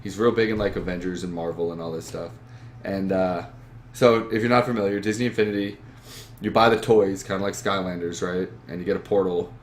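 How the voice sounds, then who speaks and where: A man's voice: sits low, fairly even intonation, brisk, slight background noise. A young man hosting a gaming podcast from a webcam setup, talking in a rambling, profane, emphatic way. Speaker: podcast host. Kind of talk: casual chat.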